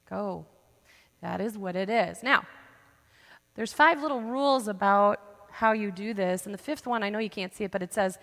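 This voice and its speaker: Woman counselor, gravelly voice, mid pitch, lively teaching talk with frequent "right?", church hall reverb. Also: normal speed. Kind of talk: church presentation.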